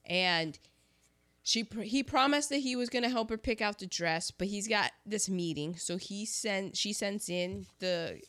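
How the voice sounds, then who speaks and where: A woman's voice: mid-range voice, unhurried. A woman co-hosting a casual chat, recapping a film with jokes and playful asides. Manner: animated, jokey, acts out characters in exaggerated voices. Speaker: podcast co-host.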